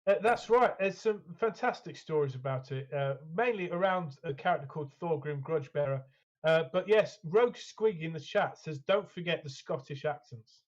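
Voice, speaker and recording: A man's voice: a little high, moderate pace, lo-fi sound. A man co-hosting a casual hobby chat, talking enthusiastically and rambling with lots of fillers. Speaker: co-host.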